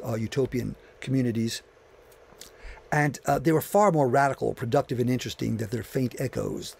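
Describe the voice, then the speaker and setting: A man's voice: medium pitch, creaky, darkish tone, breathy edge. A man giving a history lecture, reading passages aloud and breaking off for conversational asides. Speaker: channel host.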